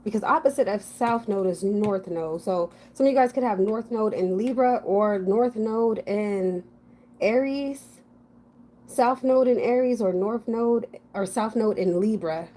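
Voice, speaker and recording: A woman's voice: mid-range voice, measured pace, mellow. A woman giving a casual general tarot reading, talking frankly and thinking aloud to her viewers. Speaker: tarot reader.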